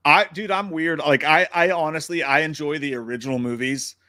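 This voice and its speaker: A man's voice: fairly high pitch, fairly quick, dry recording, clean studio sound. A man co-hosting a casual live movie chat stream, swearing freely and reading viewer comments. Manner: animated, swearing, breaks into loud put-on movie-star impressions. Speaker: podcast co-host.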